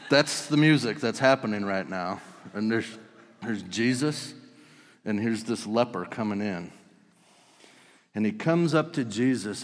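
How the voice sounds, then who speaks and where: A man preaching a sermon, telling the story vividly and swinging between loud outbursts and hushed lines. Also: lowish voice, long reverb tail. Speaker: pastor.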